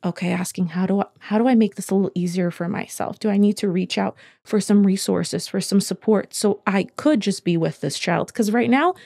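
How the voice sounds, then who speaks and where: Woman guest coach, mid pitch, steady and emphatic, repeats key points. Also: fairly quick, gravelly, few pauses. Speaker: podcast guest, healing coach. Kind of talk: explaining in conversation.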